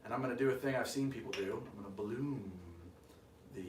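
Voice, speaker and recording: A man's voice: mid-range voice, fairly quick, a little mellow, echoey room, distant mic, a little hiss or hum. A man hosting a cocktail show, chatting casually on a live stream as he makes a drink, with rambling, self-deprecating asides.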